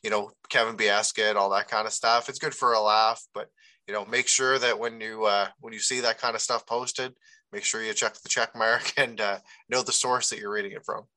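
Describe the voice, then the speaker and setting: A man in relaxed sports chat with a fairly low voice. His tone is bright and forceful. He chuckles easily between points. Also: brisk, poor audio. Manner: easygoing, chuckling. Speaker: podcast co-host.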